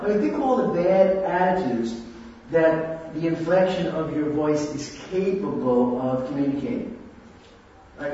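A man delivers a sermon in a plain, talkative way, often turning to the listeners. His voice sits a little high. It comes from a distance in a heavily echoing hall, with a dull lo-fi sound. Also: a little mellow, slight background noise. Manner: conversational, asks the audience "right?". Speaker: preacher. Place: church or hall.

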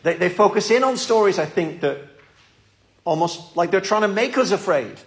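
A man's voice: sits high, lively intonation, moderate pace. Earnest man preaching a sermon. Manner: earnest, repeats words, pleading. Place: church.

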